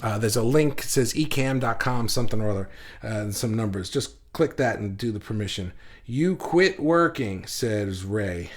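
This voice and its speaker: A man's voice: on the low side, animated, normal speed. A man hosting a live online session, talking loosely with many fillers and restarts as he reads viewer comments aloud. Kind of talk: casual livestream talk, reading comments aloud.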